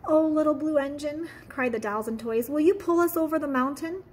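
A woman doing a high begging chorus of toys and dolls. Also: a little fast, a little mellow, natural voice. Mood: pleading.

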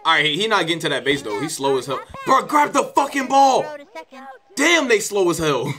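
Excitable swearing young gamer guy. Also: fairly high pitch, moderate pace. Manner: excitable, swears a lot, trash-talks his players. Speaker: gaming YouTuber. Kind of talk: casual gameplay commentary.

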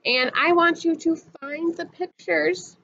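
A woman with a high, clear voice teaches young children their letter sounds, speaking slowly and drawing out each sound in a patient sing-song. The recording is a little dull, with a faint hiss behind her. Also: fairly bright tone.

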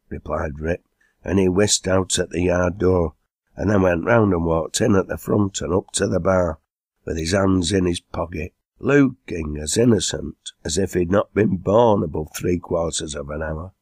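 Man, deep husky storyteller, gravelly and dry. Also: measured pace, darkish tone, dry recording. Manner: reads character lines in broad dialect. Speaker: audiobook narrator. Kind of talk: scripted narration of a dialect story.

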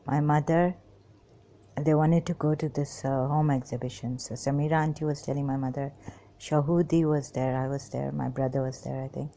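A woman recounting memories in a halting personal monologue, pausing often, apologizing and trailing off. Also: deep voice, warm tone, slight background noise. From Pakistan. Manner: hesitant, many pauses and apologies, trails off.

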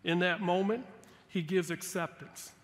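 A man preaching a sermon as guest pastor, emphatic and rising loud on his key points. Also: high-pitched, steady tone, unhurried. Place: church sanctuary. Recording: long church hall reverb.

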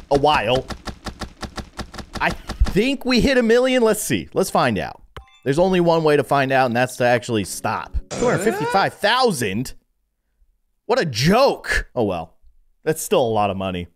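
A man's voice: medium pitch, very animated, normal speed, over music. A young man giving casual, playful commentary on a mobile game, with a sarcastic, joking manner. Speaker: gaming video host.

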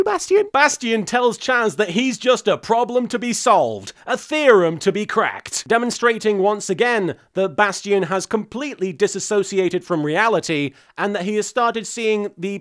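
Sarcastic high-voiced man. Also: a bit bright. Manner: sarcastic, mocking. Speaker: host, reviewer. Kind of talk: comedic recap commentary.

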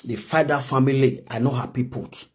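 A man's voice: medium pitch, moderate pace. A married Nigerian man giving pleading, preachy commentary in a vlog, often repeating himself. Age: adult, married. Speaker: gossip commentator.

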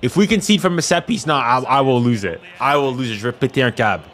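A man's voice: medium pitch, expressive, fast, a bit bright. A man reacting live to a football match, pleading with his team and then raging when they concede. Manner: anxious, then furious outbursts.

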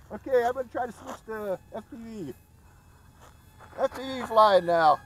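A man's voice: high voice, moderate pace, long pauses, a bit bright, a little hiss or hum, poor audio. A man hosting a hobby video, chatting casually to viewers about a model plane flight outdoors, calling them folks. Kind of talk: casual flight-test commentary. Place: outdoors at a flying field.

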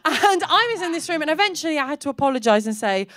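Young woman doing standup in a club, high voice, rambly self-mocking story, pops into squeaky character bits. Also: sing-song, fast, a bit bright, no room sound. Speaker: stand-up comedian. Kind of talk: stand-up comedy set. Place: comedy club stage with live audience.

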